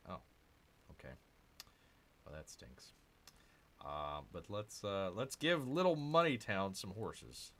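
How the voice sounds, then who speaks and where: A man's voice: fairly low pitch, a bit bright. A man giving casual gameplay commentary, grumbling and sarcastic as he talks to his viewers. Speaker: gaming channel host.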